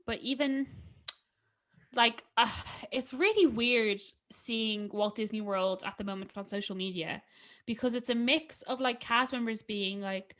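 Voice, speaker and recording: A young Irish woman talks on her podcast in a loose, chatty way, with plenty of fillers as she tells a story. Her voice sounds bright and clear. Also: mid-range voice, measured pace. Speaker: podcast co-host. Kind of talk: casual chat.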